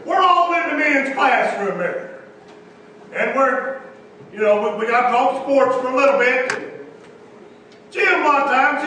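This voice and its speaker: Preacher, man, very high bright voice, folksy and emphatic, roomy distant sound. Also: slight background noise. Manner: folksy, emphatic, repeats phrases. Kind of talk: sermon. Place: church meeting room.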